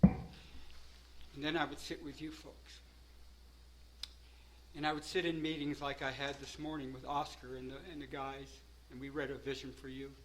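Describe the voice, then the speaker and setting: An older man from Southern California telling his personal recovery story at a meeting, rambling at first, then growing animated and laughing. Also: mid-range voice, normal speed, pauses often, slight background noise, low-quality recording.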